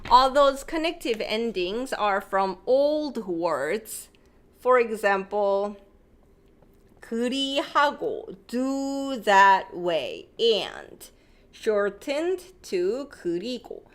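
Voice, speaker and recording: A woman's voice: medium pitch, big pitch swings, takes it slowly. A woman from Korea with a Korean accent, teaching a live-streamed language lesson, reading out viewers' questions and explaining in English with Korean examples.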